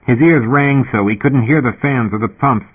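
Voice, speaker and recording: A man narrating an audiobook in a steady storytelling manner. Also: mid-range voice, normal speed, husky. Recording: tinny phone-like audio.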